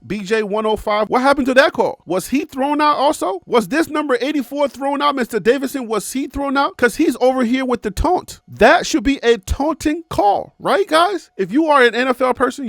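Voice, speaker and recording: A man hosting a sports commentary channel, breaking down game footage in an animated, casual way and asking viewers rhetorical questions. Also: extremely high pitch, no echo, studio quality.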